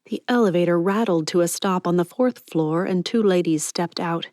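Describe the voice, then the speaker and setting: Woman reading an audiobook, calm even pace, super dry studio sound. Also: lowish voice, no echo. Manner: measured, even storytelling. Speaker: audiobook narrator. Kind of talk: scripted narration.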